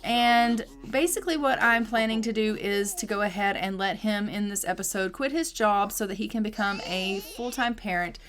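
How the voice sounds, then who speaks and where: A woman's voice: mid-range voice, steady tone, moderate pace, hardly any pauses, fairly bright tone. A woman giving casual, chatty commentary over a life-simulation game, upbeat with frequent "um" fillers. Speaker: gaming channel host. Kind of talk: casual let's-play commentary.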